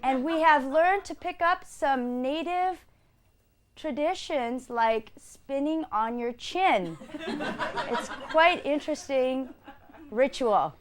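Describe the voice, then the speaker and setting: A woman's voice: sits high, lively intonation, takes it slowly. A woman improv performer narrating a mock vacation slideshow in a comedy sketch.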